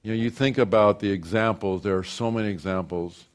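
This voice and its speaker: An older man, a grandfather, preaching a sermon, moving from loud declarations to hushed, folksy storytelling. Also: lowish voice, a little fast. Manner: folksy, repeats and restarts phrases. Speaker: pastor.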